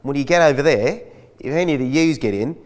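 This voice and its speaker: A man voicing a blunt sheep farmer giving orders, gruff and matey. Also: mid-range voice, expressive, fast, a little mellow, lightly acted. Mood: bossy instructing. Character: blunt Australian male sheep farmer boss. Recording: echoey hall.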